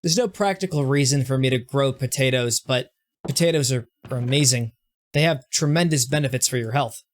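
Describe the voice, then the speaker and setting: A young man giving casual gameplay commentary as a streamer, self-mocking and often stumbling over his words in quick restarts. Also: mid-range voice. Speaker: gaming streamer.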